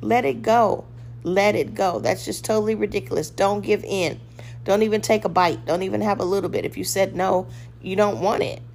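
A woman's voice: mid-range voice, moderate pace, darkish tone, a little hiss or hum. A woman giving a short devotional sermon, firm and exhorting, repeating short commands. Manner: acts out a weak, hesitant voice when giving examples. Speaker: devotional podcast host.

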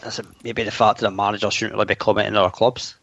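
A man in casual football chat, talking in a hesitant, measured way. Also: lowish voice, little pitch movement, creaky, a bit bright, no room sound. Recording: dry, dull lo-fi sound.

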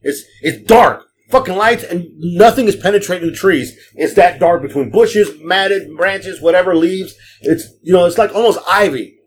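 A man's voice: high-pitched, moderate pace, hardly any pauses, a little hiss or hum. Profane, rambling man telling stories. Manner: acts out quoted people. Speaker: podcast host and rideshare driver. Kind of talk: casual storytelling chat.

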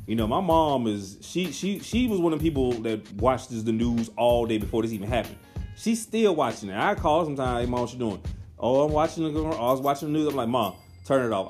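A young man ranting in a profane, animated casual monologue. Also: medium pitch.

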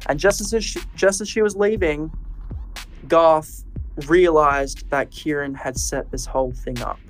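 A man co-hosting a podcast, casually recapping episodes and telling what happened in a relaxed, storytelling way. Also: fairly high pitch, measured pace, faint music behind, poor audio. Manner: walks through events in a relaxed, storytelling way. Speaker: podcast co-host.

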